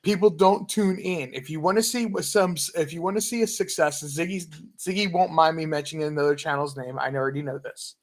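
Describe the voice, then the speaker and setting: A man with a slightly high voice giving earnest advice during a casual livestream. He stumbles through many fillers and restarts as he explains his points. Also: a little fast.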